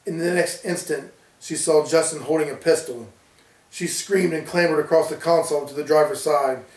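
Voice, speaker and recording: A man reading his own horror story aloud with a steady storytelling delivery. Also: on the high side, normal speed. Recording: roomy, distant from mic.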